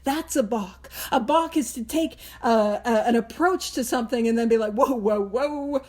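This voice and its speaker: Woman leading a book study, high bright voice, chatty and playful, acts out bits as she explains. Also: normal speed. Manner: animated, playful, acts out little voices and jokes. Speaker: host of a Big Book study. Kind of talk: casual teaching talk.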